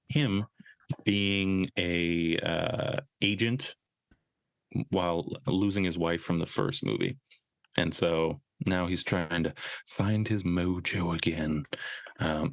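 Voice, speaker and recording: A young man hosts a podcast in a very low voice, slow and hesitant with plenty of fillers. The sound is dry and close. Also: a bit bright, dry recording. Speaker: podcast host. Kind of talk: casual chat.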